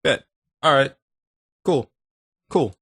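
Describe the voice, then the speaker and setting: A man hosting a reaction video, talking in animated, joking, slangy banter. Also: mid-range voice, slow pace, breathy edge, no echo, studio quality. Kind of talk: casual reaction commentary.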